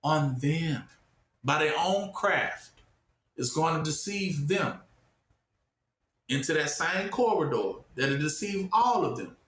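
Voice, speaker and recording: High, bright-voiced man preaching. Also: animated, slow, long pauses, reverberant. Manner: asks the audience to fill in the word with "what?". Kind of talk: informal preaching.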